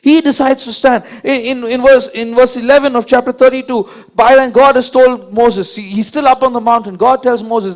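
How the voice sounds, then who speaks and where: Emphatic high-voiced male preacher. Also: fairly even intonation, normal speed, few pauses. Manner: emphatic, repetitive, with frequent restarts. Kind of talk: sermon.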